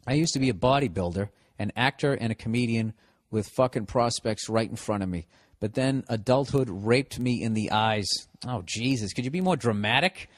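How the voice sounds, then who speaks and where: A man's voice: mid-range voice, animated, moderate pace, dry recording. A man with a Boston accent hosting a comedy podcast, reading a listener's letter aloud and mocking it in a sarcastic, profane rant. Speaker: podcast host.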